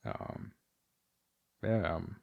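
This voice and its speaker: Male podcast host with a slightly low voice, loose and profane storytelling from home. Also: very slow, vocal fry, phone-quality sound. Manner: animated, profane, rambling. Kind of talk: casual storytelling monologue.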